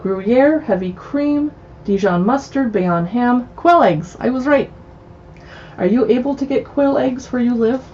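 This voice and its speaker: A woman's voice: a little high, a little slow, a little mellow, highs cut off, a little hiss or hum. A woman hosting a casual cookbook livestream, reading recipe titles aloud and adding chatty asides. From US West Coast. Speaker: cookbook show host. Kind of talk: casual livestream book browsing. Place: home in a city.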